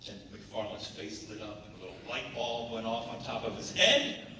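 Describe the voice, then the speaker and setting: A man with a lively, bouncing delivery spins playful anecdotes for a crowd. He sits on a convention panel, picked up from far off in a big echoey hall with steady noise behind him. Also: fairly low pitch, moderate pace. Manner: animated, playful storyteller. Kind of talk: storytelling to a live audience. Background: audience noise.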